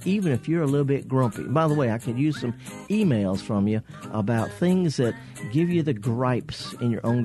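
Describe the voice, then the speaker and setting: A man's voice: mid-range voice, mellow. Folksy man hosting radio. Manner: rambling, folksy, many restarts and fillers. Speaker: radio garden show host. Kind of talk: casual call-in radio chat. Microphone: studio microphone.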